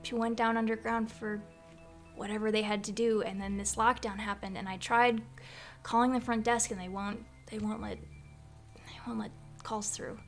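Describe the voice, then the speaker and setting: A woman's voice: on the high side, level tone, moderate pace, soft background music, natural voice. A woman playing a shaken, worried mother. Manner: hushed, shaken, hesitant. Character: worried tense mother of a kid.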